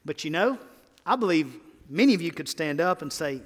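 A man preaching a sermon as pastor, emphatic, swinging between loud exhortation and quiet earnest tones. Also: on the high side, big pitch swings, moderate pace, long reverb tail.

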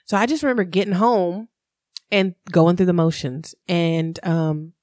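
A woman in casual conversation, candidly telling a personal story in an animated way. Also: lowish voice, measured pace, no room sound, studio quality. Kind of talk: casual chat.

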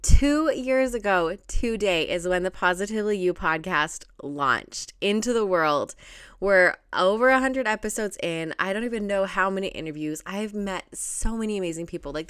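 A woman's voice: mid-range voice, a bit bright, smooth, dry recording, clean studio sound. A young woman hosting her own podcast, talking in a bubbly, gushing way with frequent laughs and gasps. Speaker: podcast host. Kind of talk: solo podcast monologue.

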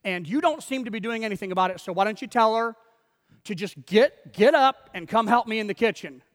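A man's voice: high-pitched, expressive, normal speed, in a large hall. A man voicing an exasperated, bossy woman complaining indignantly to Jesus, as a quote in a sermon.

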